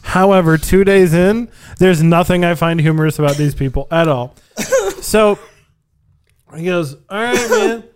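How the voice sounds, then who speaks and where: A man's voice: a little high, fairly even intonation, normal speed, darkish tone, clean tone. A man hosting a podcast, telling a long story in a rambling, laughing, profane way. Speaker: podcast host. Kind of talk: casual storytelling chat.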